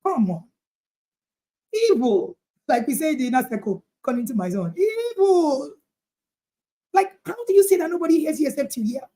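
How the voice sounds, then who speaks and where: High-voiced emphatic woman parenting coach. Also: sing-song, brisk, mellow. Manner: emphatic, repeats lines and asks rhetorical questions. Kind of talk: motivational talk to parents.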